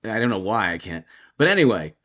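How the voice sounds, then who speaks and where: A man's voice: on the low side, very animated, a little fast, fairly bright tone, highs cut off. A man hosting a casual political commentary show, talking in a rambling way with many restarts and asides.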